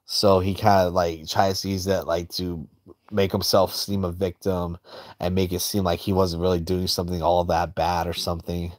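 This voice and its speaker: A man's voice: low voice, fairly even intonation, moderate pace, darkish tone, no room sound, studio quality. A man streaming and drawing as he comments in a crude, heavily profane, rambling way. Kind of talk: casual commentary while drawing.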